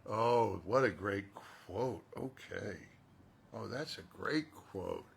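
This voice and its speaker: A man's voice: fairly low pitch, slow pace, vocal fry, husky. A male voice actor chatting casually while signing autographs and talking to himself as he works.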